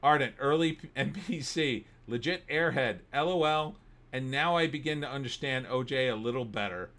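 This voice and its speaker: A middle-aged man, hosting a livestream and telling animated stories between reading chat comments, sometimes bursting into shouting. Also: mid-range voice, normal speed. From New Jersey. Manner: animated storyteller, bursts into shouting when riled. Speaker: host.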